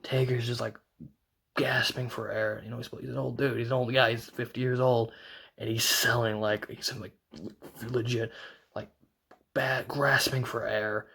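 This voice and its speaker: A man giving a casual, excited recap as a wrestling reviewer, rambling with lots of restarts and fillers. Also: mid-range voice, creaky, slightly rough. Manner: rambling, fast retelling full of "like" and restarts.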